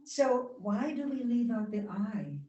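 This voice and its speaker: A woman giving a spiritual talk to a congregation, guiding them gently and chatting with the audience. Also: a little high, very animated, a little slow, recorded from a distance, muffled recording. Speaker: guest speaker. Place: church hall. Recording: roomy hall sound from off-mic.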